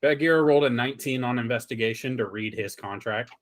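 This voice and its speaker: A man's voice: medium pitch, quick pace. A man playing a tabletop game, describing his character's actions in a matter-of-fact way. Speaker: player. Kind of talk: casual tabletop game chat.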